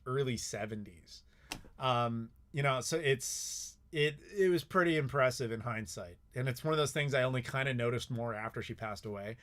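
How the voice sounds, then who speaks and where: A man hosting a live Q&A, telling stories in a blunt, profane, animated way. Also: medium pitch. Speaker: host answering live chat questions. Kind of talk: casual live Q&A chat.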